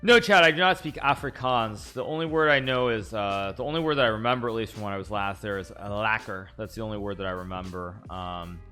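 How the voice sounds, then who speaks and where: A man's voice: fairly low pitch, a little fast, few pauses, pushed and bright, smooth, faint music behind. A man live-streaming a chess game, thinking aloud about his moves and chatting with viewers in a rambling way. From United States.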